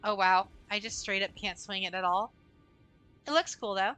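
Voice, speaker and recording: A woman's voice: mid-range voice, fairly even intonation, moderate pace, pushed and bright, faint music behind. A young adult woman streaming a game, chatting casually with viewers in a rambling way full of fillers. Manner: chatty, rambling, talks to chat with many fillers. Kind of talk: casual gameplay livestream chat.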